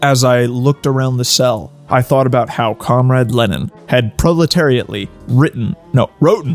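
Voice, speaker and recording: A man's voice: medium pitch, moderate pace, soft background music. A man co-hosting a comedy podcast, reading fanfiction aloud in an over-the-top, profane way.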